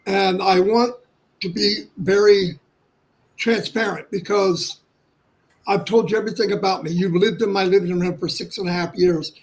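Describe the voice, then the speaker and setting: A man in his sixties talking candidly to his livestream viewers, halting and restarting often. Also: high voice, steady tone, rough recording. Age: 60s. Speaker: livestream host. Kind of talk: personal talk to viewers.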